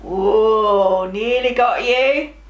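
Brief: high-voiced, animated woman teacher, speaks slowly and clearly, recorded from a distance with music playing. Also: highs cut off. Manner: animated, encouraging, playful sound effects. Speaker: primary school drama teacher. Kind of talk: leading a children's drama game. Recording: roomy, voice from a distance, music behind.

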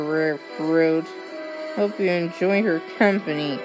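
A woman commenting on a game, reacting with excitable, alarmed outcries. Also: lowish voice, unhurried. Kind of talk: reacting to gameplay. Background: game music.

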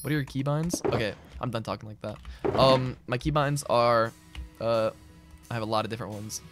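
A man's voice: medium pitch, fairly even intonation, moderate pace. A man streaming a game live, chatting casually and reading out and answering his chat. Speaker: gaming streamer. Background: game music and keyboard typing.

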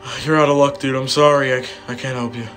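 A man voicing a gruff male shell creature who talks in a blunt, slangy way. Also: medium pitch, little pitch movement, fast talker, a bit bright, faint music behind, close to an everyday voice.

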